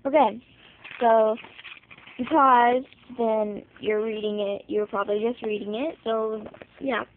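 A woman's voice: on the high side, steady tone, slight background noise. A woman reading a picture book aloud on camera, stumbling and restarting, recorded on a handheld phone or camera. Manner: halting reading with frequent restarts and apologies. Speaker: book reader. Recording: thin phone-like dry sound.

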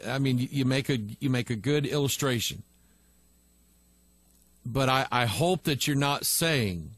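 A man's voice: medium pitch, no echo. A male pastor teaching online, reading viewer messages aloud and answering them bluntly and with emphasis.

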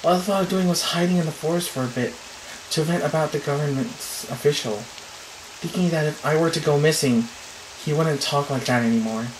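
A man reading the lines of a shaken young girl who was possessed, explaining herself in a hesitant, halting way. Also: on the high side, a little hiss or hum, natural voice. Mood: uneasy. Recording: roomy echo.

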